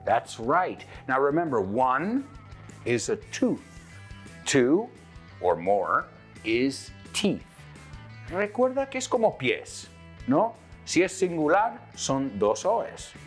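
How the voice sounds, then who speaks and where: Faint music plays behind this man, who takes his time, speaking at medium pitch with huge pitch swings. As an English teacher and host, he switches between Spanish and English and energetically dramatizes example phrases.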